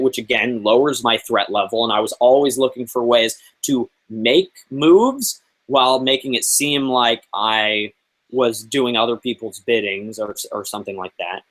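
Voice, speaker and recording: A young man in his twenties tells a story as a guest on a chat show. He talks in an animated, casual way, with lots of fillers and quotes he acts out. His voice sits at an ordinary middle pitch. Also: poor audio. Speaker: interview guest.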